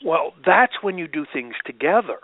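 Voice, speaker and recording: A man, a doctor as a podcast guest, answering in an animated, storytelling way and acting out quoted voices. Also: a little high, normal speed, dry recording. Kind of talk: conversational interview answers. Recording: phone-like dry remote line.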